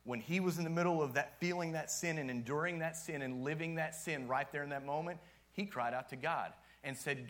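A man's voice: on the high side, expressive, brisk, a bit bright. A man preaching a sermon as youth pastor, casual and joking at times, with strong emphatic rises.

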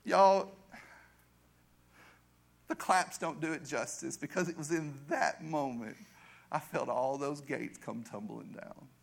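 In a church sanctuary, a middle-aged youth pastor gives an earnest testimony sermon, speaking slowly in a creaky voice with long pauses and letting it drop low and soft for emphasis.

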